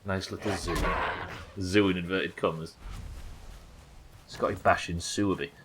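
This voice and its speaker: A man's voice: deep voice, steady tone, unhurried, background noise. A young man streaming a game live, chatting to viewers and thinking aloud as he plays, swearing freely. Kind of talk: live gameplay commentary.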